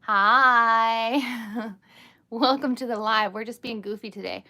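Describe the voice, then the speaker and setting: A woman in her thirties talks casually on a live stream from her home. Her voice sits fairly high and rings bright and forward. She rambles from one story to the next in an animated way. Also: slow.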